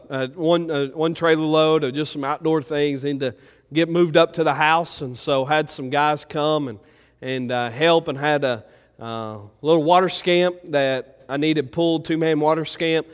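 A man's voice: a little high, clean tone, in a large hall. A male pastor preaching a sermon, telling a homey story full of fillers before leading a prayer. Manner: folksy, meandering, warm storytelling with many fillers. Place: church sanctuary.

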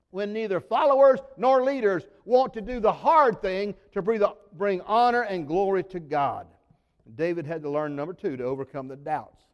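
Dramatic preacher in a hall. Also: male voice, sits high. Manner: dramatic, acts out quoted voices, swings loud and soft. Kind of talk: sermon. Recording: long reverb of a large hall.

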